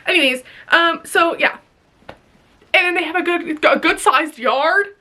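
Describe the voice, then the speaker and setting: A woman's voice: extremely high pitch, measured pace, sharp tone. A young woman vlogging in a rambling, giggly casual chat, full of fillers.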